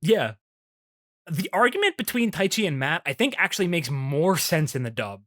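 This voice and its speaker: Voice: mid-range voice, very animated, moderate pace, fairly bright tone. Rambling, laughing podcast co-host. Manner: rambling, laughing, many fillers and restarts. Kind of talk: casual chat about an anime episode.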